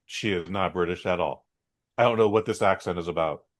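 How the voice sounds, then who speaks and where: The man co-hosting this podcast talks a little fast in a low-pitched voice, offering a rambling, blunt movie review full of opinions in a relaxed conversation.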